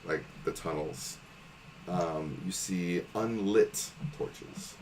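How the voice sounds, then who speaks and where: Deep-voiced man running a tabletop game. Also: extremely slow, a little mellow, distant mic, a little hiss or hum, low-quality recording. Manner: casual, laughing, filler-heavy narration. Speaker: game master.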